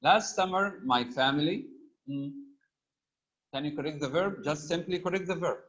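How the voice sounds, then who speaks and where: A man's voice: fairly high pitch, normal speed, fairly bright tone. A man teaches grammar to students on an online call. He asks question after question and patiently repeats each answer back to them. The sound is slightly dull and lo-fi. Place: remote video call.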